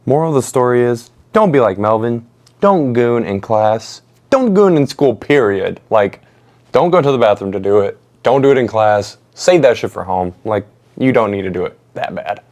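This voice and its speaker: Young man, story-time vlogger, animated slangy delivery with bursts of exclamation. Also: medium pitch, normal speed.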